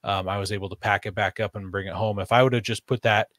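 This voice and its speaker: A man's voice: fairly low pitch, steady tone, fast, fairly bright tone, dry recording, clean studio sound. A man chatting casually on a podcast, rambling with fillers and restarts. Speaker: podcast host. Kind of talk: casual chat.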